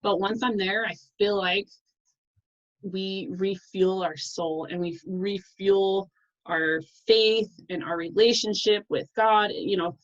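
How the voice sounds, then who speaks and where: A woman's voice: medium pitch, steady tone, highs cut off. Effusive woman leading a team call. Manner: fast, effusive, self-interrupting. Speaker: team leader on a coaching call. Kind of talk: casual motivational team call.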